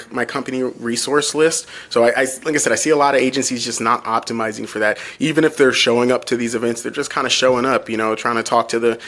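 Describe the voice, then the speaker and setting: A man's voice: mid-range voice, a bit bright. Earnest man telling stories as a guest. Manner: earnest storyteller, frequent restarts and "you know". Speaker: home care agency owner, guest. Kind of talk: casual interview.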